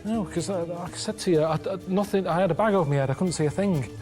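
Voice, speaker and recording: A man in his late thirties chatting casually in a deadpan, plain-spoken, complaining way. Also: high voice, fast talker, over music. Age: 30s. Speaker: show's travelling guest. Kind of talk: casual chat with banter.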